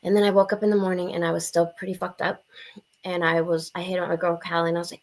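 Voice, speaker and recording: Gravelly, blunt storytelling woman. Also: fairly low pitch, fast. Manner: profane, blunt, animated storytelling with acted-out quotes. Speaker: podcast guest. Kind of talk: casual storytelling.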